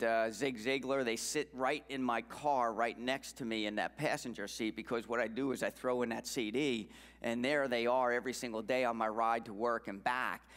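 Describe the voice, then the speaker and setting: A man's voice: mid-range voice, a bit bright. A man giving an earnest, emphatic motivational talk at a church men's event, repeating key phrases. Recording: long reverb in a church hall.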